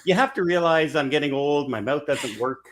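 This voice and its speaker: A man's voice: fairly high pitch, normal speed, a bit bright. A man joining a live stream as a guest over a video call, easygoing, laughing and stumbling over words. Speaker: cruise YouTuber guest. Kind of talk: casual live stream chat.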